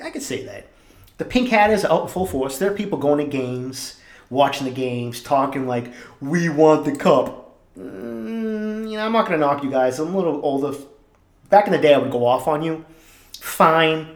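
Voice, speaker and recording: A young man, hosting a podcast and telling stories in an animated, profane, jokey way. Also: fairly high pitch, fairly quick, roomy sound. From Boston area. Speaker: podcast host. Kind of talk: casual storytelling monologue.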